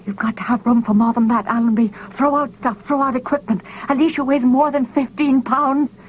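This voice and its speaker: A woman voicing a desperate, lonely man who pleads and shouts, reading an audiobook. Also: lowish voice, measured pace, slight background noise, natural voice, low-quality recording.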